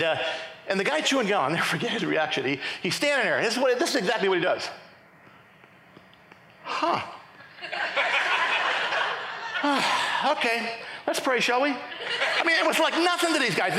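A middle-aged male pastor telling his testimony in a lively sermon, often restarting his sentences. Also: sits high, fast. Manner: animated storytelling with repeated restarts. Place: large church sanctuary. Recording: echoey church hall.

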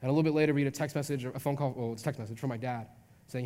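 A man's voice: mid-range voice, fairly even intonation, rapid-fire, mellow. A young man, a youth pastor, telling a personal story in a casual, chatty sermon full of fillers. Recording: long hall reverb.

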